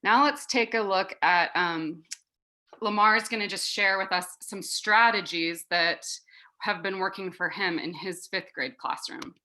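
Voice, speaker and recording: A woman hosts an educational webinar, introducing speakers and thanking them between segments. Her voice is bright and clear, at a middle pitch. She keeps a friendly, easygoing flow. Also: a little slow. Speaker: webinar facilitator. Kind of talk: moderating a webinar panel.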